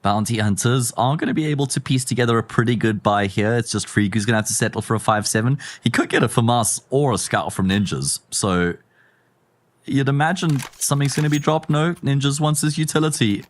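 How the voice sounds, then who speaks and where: A man with a South African accent giving live play-by-play commentary on an esports match, animated and jumping up in pitch when excited. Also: a little fast, dry recording. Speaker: esports caster.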